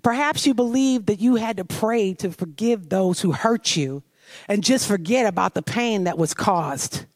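A woman's voice: mid-range voice, expressive, a little slow, no room sound. A woman sharing a personal testimony as a devotional message, earnest and confessional, often turning to ask the listener questions. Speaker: devotional speaker.

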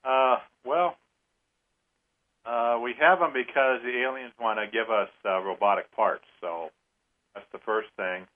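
A man co-hosting a talk show, speaking in a rambling, halting way. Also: medium pitch. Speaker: co-host. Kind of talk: casual radio talk. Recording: tinny phone-line sound.

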